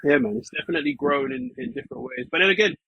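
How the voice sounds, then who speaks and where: A man's voice: a little high, sing-song, racing, creaky, slightly rough, dry recording, highs cut off. A young man, chatting casually as a podcast guest, laid-back and full of "you know what I mean". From England. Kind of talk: casual chat.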